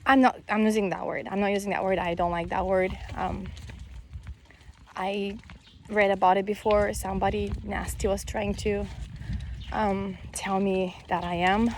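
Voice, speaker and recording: A woman's voice: mid-range voice, slight background noise. A mother talking casually to her viewers while pushing a stroller along a country road, a little out of breath and rambling with many fillers. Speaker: vlogger, mother of five. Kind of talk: casual vlog talk while walking.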